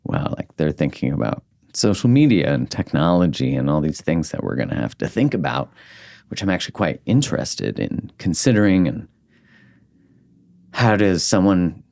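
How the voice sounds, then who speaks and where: A man's voice: deep voice, sing-song, moderate pace, vocal fry, a little mellow, no room sound, studio quality. A man hosting a podcast, talking candidly and reflectively in casual conversation, swearing now and then. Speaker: podcast host.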